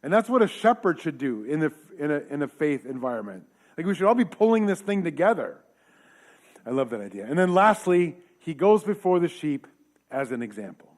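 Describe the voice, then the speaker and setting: A man's voice: fairly high pitch, big pitch swings, fairly quick. A man preaching a casual sermon in a church, talking conversationally with joking asides and rhetorical questions. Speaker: pastor.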